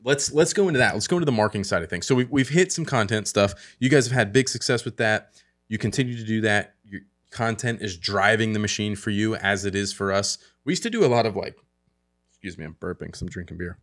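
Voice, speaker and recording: A man hosting a casual business podcast chat, animated and laughing often, swearing casually. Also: lowish voice, fast. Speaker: podcast host.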